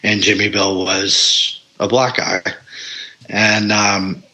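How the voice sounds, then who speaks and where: A man with a bright, forward voice talks casually as a podcast guest. He is blunt and candid, swears now and then, and keeps restarting his sentences with plenty of ums and uhs. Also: on the low side, level tone, slow, rough recording. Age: adult parent. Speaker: podcast guest, paranormal investigator. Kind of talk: casual conversation.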